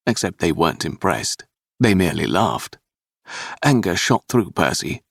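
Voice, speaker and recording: A man with a very low, gravelly voice reads an audiobook dramatically, his pitch rising and falling widely. The sound is husky and dry, close to the mic. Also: measured pace, no echo. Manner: dramatic, expressive reading. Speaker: audiobook narrator. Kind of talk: scripted audiobook narration.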